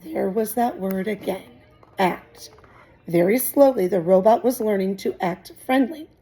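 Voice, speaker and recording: A woman teacher reading a children's book aloud with calm, clear storytelling. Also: medium pitch, a little slow, poor audio.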